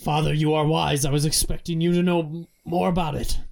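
A man's voice: a little high, flat delivery, a little fast, creaky, a little mellow, faint music behind. A man voicing the chief's respectful grown son, speaking formally and with deference. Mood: deferential.

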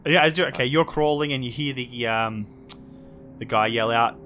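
A man's voice: medium pitch, normal speed, faint music behind. A man narrating as game master of a tabletop game, laughing often. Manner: laughs often, lively voices for guards.

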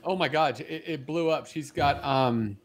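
A man hosting a casual morning show, with a voice pitched a bit high for a man. He rambles loosely through stories and laughs easily along the way. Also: unhurried. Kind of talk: casual chat.

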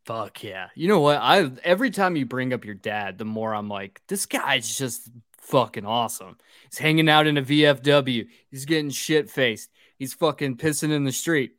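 A man's voice: mid-range voice, expressive, moderate pace, few pauses, a bit bright, no echo, clean studio sound. A man hosting a casual podcast, swearing freely and getting drunk as he talks. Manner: profane, rowdy and joking. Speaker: podcast host.

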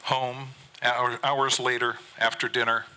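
A middle-aged fisherman poet giving an earnest, measured spoken-word reading of his own poem. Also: mid-range voice, level tone, bright, forceful tone, poor audio. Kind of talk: performed poetry reading.

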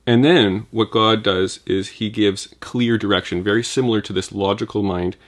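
A man giving a conversational Bible teaching, relaxed and informal, often saying "like.". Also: fairly low pitch, moderate pace, hardly any pauses. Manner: informal, uses "like" a lot.

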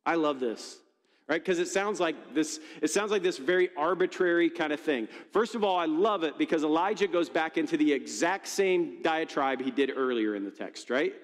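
A man's voice: on the high side, normal speed. Conversational male pastor in reverberant church. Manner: conversational, storytelling, frequent restarts. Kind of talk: sermon. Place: church auditorium. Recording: long reverb of a large church hall.

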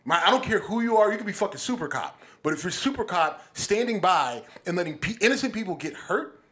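A man's voice: sits high, lively intonation, brisk, a bit bright. A man co-hosting a podcast in a studio, talking bluntly and with plenty of swearing as he gets heated. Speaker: podcast co-host. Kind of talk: casual chat.

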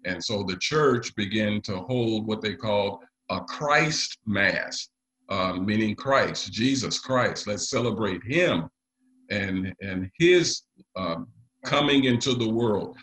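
A man preaching a sermon to his congregation, often pausing with fillers. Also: on the low side, animated, fairly bright tone, rough recording. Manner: leads the congregation in call and response; halting, with frequent pauses and fillers. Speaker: pastor.

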